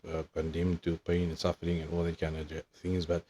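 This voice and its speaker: A man's voice: deep voice, completely flat delivery, fairly quick, mellow, a little hiss or hum. A man in his thirties telling a meandering, profanity-laden story in a casual monologue. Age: 30s. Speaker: vlogger.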